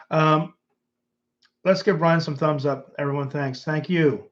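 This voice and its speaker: This Canadian man in his fifties hosts a YouTube livestream, rambling casually and voicing viewer comments. His voice is a bit high with fairly even intonation and a slightly slow pace, and the sound is muffled.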